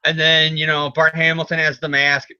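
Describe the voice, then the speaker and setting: A man's voice: fairly high pitch, completely flat delivery, moderate pace, pushed and bright, smooth, no room sound, dull audio. A man co-hosting a casual comic book talk show, rambling and laughing often as he acts out characters. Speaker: podcast co-host.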